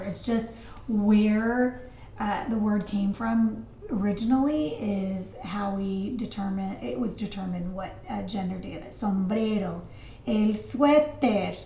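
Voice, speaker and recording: A woman teaching a recorded lesson, chatty and full of asides, slowing down to pronounce each vocabulary word. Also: medium pitch, warm tone, echoey room, a little hiss or hum. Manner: chatty, explains with asides and fillers; slows down to pronounce vocabulary words. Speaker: Spanish teacher.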